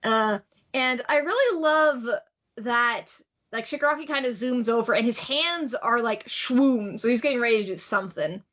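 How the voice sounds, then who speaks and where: On a podcast she co-hosts, a woman with a fairly high, slightly bright voice recaps a manga chapter. It's casual, chatty, enthusiastic talk full of "like" fillers and quick laughs, captured in slightly muffled lo-fi audio.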